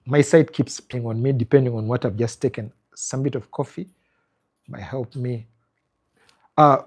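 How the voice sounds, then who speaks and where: Husky man live-streaming from a cafe. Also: mid-range voice, unhurried, long pauses, a little mellow. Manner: rambling, emphatic, reacts to comments. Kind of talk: casual live-stream commentary.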